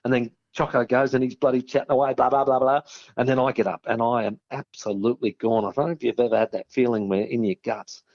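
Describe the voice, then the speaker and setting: Australian man telling a lively anecdote. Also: mid-range voice, fast talker, dull audio. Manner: animated storyteller, acting out voices, laughing. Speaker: guest. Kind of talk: storytelling anecdote.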